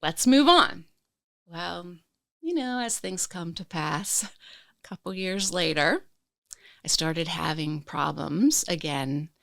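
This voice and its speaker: A woman podcast guest telling a personal story in a slow, reflective way, reliving the emotions. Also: lowish voice, gravelly, a bit bright, dry recording, clean studio sound.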